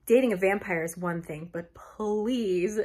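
A woman's voice: medium pitch, unhurried, darkish tone, breathy edge. A woman voicing a panicky teenage girl heroine in a book recap, dramatic and pleading. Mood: panicked.

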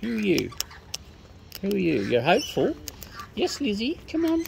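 A woman's voice: medium pitch, huge pitch swings, moderate pace, creaky, noisy background. A woman talking to the wild birds she is feeding outdoors, in coaxing sing-song baby talk. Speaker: bird-feeding vlogger. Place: outdoors in a garden. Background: bird calls and animal sounds.

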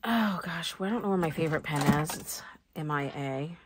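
A woman's voice: low-pitched, animated, brisk, very noisy. A woman vlogger chatting casually and thinking aloud as she sets up a planner, joking about herself as she goes. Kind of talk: rambling casual chat while crafting.

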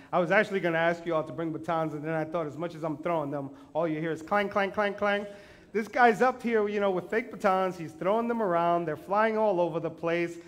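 A male pastor preaching a sermon, animated and joking at his own expense, acting out little quoted remarks and building to emphatic repeated declarations. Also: a little high. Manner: animated, self-deprecating humor, acts out quotes.

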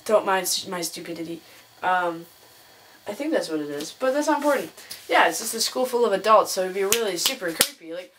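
A woman's voice: expressive, moderate pace, a bit bright. A young woman vlogging casually to her camera, chatty and laughing often as she tells stories. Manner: chatty, laughs often, mimics others in a higher voice. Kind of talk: casual chat.

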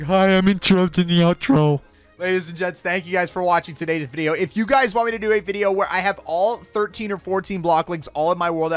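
A young man hosting a Minecraft let's-play, excitable, gasping and shouting at surprises. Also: high voice. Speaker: gaming YouTuber host. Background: faint background music.

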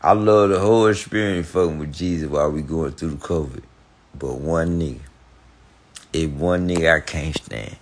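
A man telling a heated, profane story on a podcast, repeating himself and breaking into animated outbursts. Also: a bass voice, moderate pace. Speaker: podcast guest.

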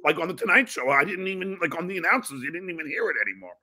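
A man's voice: sits high, lively intonation, racing, sharp tone. A man with a New York accent hosting a podcast, talking loosely and reading out viewer messages. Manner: loose, rambling, reads out fan messages. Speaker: podcast host. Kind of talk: casual podcast conversation.

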